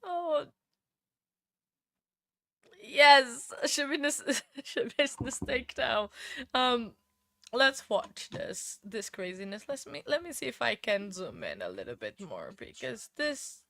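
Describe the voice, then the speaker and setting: Female streamer host, high bright voice, slow easy delivery, tearful and gushing with thanks. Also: big pitch swings, gravelly, dry recording, clean studio sound. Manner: emotional, tearful, laughs often, thanks viewers repeatedly. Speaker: livestream host. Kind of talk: casual livestream chat.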